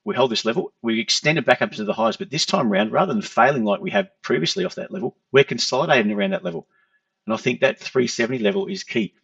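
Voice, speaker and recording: Fast and gravelly, with a medium pitch, fairly bright tone, and big pitch swings, a man teaches trading by walking through charts and checking in with "okay." His manner is explanatory and conversational. It's a dry recording, dull and lo-fi, taken far from the mic.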